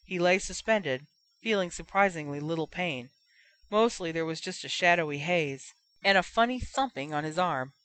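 Woman with an even storytelling voice. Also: lowish voice, normal speed. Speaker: audiobook reader. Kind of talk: scripted narration of fan fiction.

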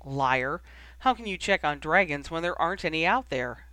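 A man reading aloud plays an exhausted older brother who talks bluntly and roughly, worn down and impatient. The voice sits a little high and is recorded close and dry. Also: lively intonation, moderate pace, bright, forceful tone, dry recording. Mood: exasperated.

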